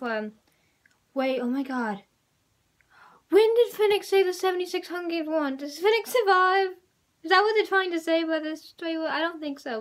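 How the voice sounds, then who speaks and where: A young woman vlogging a casual trailer reaction, rambling and excitable with lots of fillers. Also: high-pitched.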